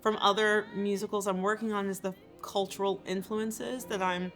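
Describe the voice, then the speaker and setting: A woman's voice: medium pitch, little pitch movement, normal speed, fairly bright tone, soft background music. A woman composer and theater maker talking about her work in a thoughtful, earnest way. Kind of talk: reflective interview talk.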